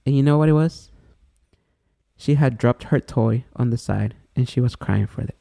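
A man co-hosting a podcast in casual chat, an animated storyteller who acts out the voices of people in his stories. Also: medium pitch, normal speed, creaky. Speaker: podcast co-host.

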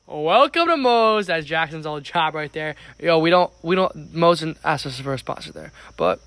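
A man's voice: a little high, moderate pace, fairly bright tone. A young man co-hosting a comedy podcast, swearing constantly and drawling out his jokes while echoing his partner's words. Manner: profane, drawling, echoes his co-host's words. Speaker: podcast co-host. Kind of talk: crude casual comedy podcast banter.

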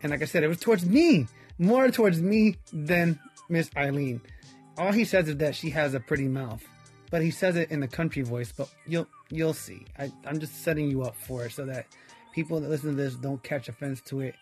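Rambling, husky-voiced male podcast host. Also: on the high side, moderate pace, darkish tone, soft background music. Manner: rambling, chuckling asides. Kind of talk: casual podcast talk.

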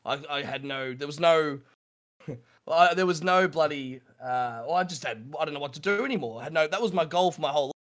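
A middle-aged Australian man telling his story in an interview, halting and repeating himself, with nervous laughs. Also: on the high side, a bit bright. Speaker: streamer guest.

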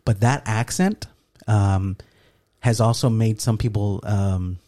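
A man's voice: on the low side, takes it slowly. A middle-aged man telling a story in casual chat, acting out the lines he quotes and laughing often. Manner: animated, acts out quoted dialogue, laughs often. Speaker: podcast co-host.

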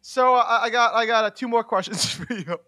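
A man's voice: very high voice, brisk, pushed and bright, no room sound, studio quality. A young man hosting a casual chat, rambling with lots of "like" and frequent laughs. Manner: rambling, heavy use of "like", laughs often.

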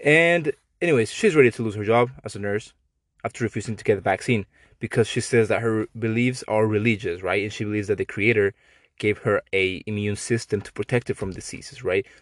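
A man's voice: on the low side, brisk, no room sound, clean studio sound. A man with a Mexican accent hosting a podcast, ranting in a sarcastic, profane, slangy way. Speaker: podcast host. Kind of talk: casual podcast rant.

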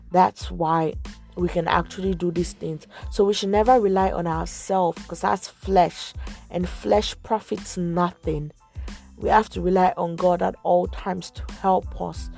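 A woman's voice: fairly low pitch, fairly even intonation, measured pace, gravelly, darkish tone, faint music behind. A young woman talking earnestly and casually about faith, full of filler words as she gives advice. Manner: earnest, conversational, lots of "like" fillers. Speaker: Christian vlogger giving advice. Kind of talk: casual faith talk to camera.

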